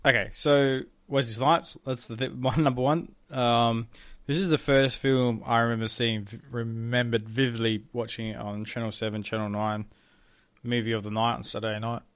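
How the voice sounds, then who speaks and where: A man's voice: medium pitch, flat delivery, moderate pace, fairly bright tone, clear, resonant tone, no echo. A young man co-hosting a podcast in casual chat, rambling with many ums and some swearing. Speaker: podcast co-host.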